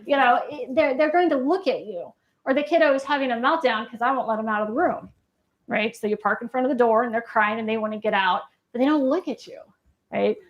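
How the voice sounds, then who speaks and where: A woman's voice: on the high side, fairly quick, lo-fi sound. A woman clinician giving a live lecture, talking casually and checking in with the audience with frequent questions. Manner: conversational, asks the audience questions, tags points with "right?". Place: lecture room on a university campus.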